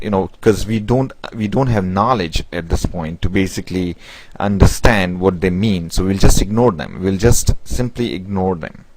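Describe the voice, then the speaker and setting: A programming instructor walks through a screen-recorded tutorial step by step, speaking haltingly with frequent restarts and fillers like "basically" and "you know." His voice is low and a little mellow, and the recording is dry and low in quality.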